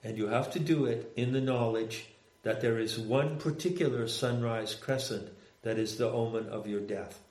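An older man, a guest on the talk, recounting a spiritual experience in a measured, deliberate way. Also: mid-range voice, a little mellow. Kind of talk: reflective conversational storytelling. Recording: roomy echo.

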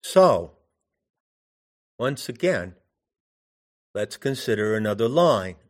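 A man teaching in a deliberate way, pausing to put questions to the listener. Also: lowish voice, very animated. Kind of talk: meditative teaching talk.

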